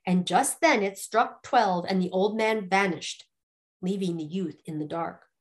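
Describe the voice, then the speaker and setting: A woman storyteller reading a ghost fairy tale aloud in an expressive, lively way. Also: medium pitch, a little slow.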